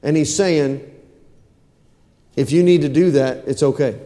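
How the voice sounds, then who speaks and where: A man's voice: fairly high pitch, measured pace, warm tone, big-room sound. A man preaching a sermon, asking his congregation questions and repeating phrases for emphasis. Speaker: pastor. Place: church.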